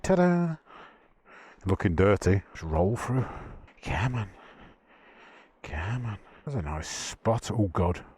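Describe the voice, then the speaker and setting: A man riding a motorbike on rough trails, chatting to himself and the camera in a casual, self-mocking way. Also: on the low side, very animated, takes it slowly, pauses often, darkish tone, no echo. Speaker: motorcycle vlogger. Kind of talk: casual running commentary while riding. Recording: outdoor wind and engine noise.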